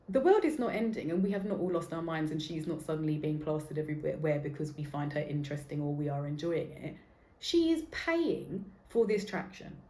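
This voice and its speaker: A woman's voice: lowish voice, a little mellow. Blunt, sweary woman podcaster, echoey room. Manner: blunt and sweary, rambling off on tangents. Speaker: podcast host. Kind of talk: casual solo podcast chat. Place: seated in a room recording a podcast.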